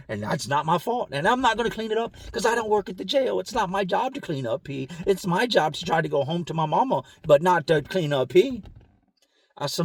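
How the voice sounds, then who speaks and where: A man recounts a story in an animated, conversational vlog style. His voice is somewhat high and very expressive. It sounds close and dry, as if recorded inside a parked car. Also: brisk, breathy edge, no room sound. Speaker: vlogger.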